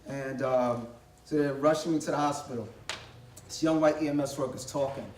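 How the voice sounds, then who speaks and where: A man's voice: mid-range voice, fairly even intonation, moderate pace, a little mellow, a little hiss or hum. Man telling a vivid personal story in an echoey room. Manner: vivid, conversational, acts out quoted voices. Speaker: guest speaker. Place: college library event space. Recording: echoey room, distant mic, faint ambience.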